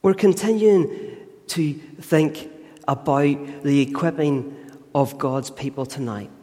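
A man's voice: fairly high pitch, animated, slow, mellow. A man preaching a sermon, telling a story earnestly and emphatically. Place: church. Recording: long church reverb.

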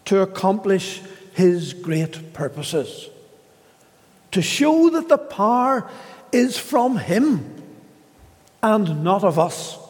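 Slow, lively-pitched male preacher in a hall. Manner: slow, measured preaching with dramatic pauses, voicing scripture quotes. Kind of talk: sermon.

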